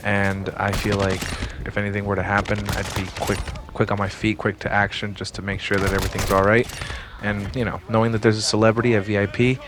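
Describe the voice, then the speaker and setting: A man's voice: on the low side, little pitch movement, fairly quick, background noise. A man and former security guard, casually telling a story in a rambling, profane way with lots of fillers.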